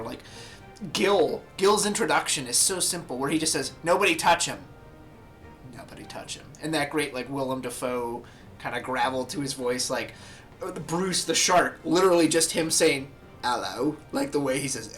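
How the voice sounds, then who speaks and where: Excitable man gushing about a film. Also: a little high. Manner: enthusiastic, quotes film lines in little voices. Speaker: podcast host. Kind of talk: casual film discussion.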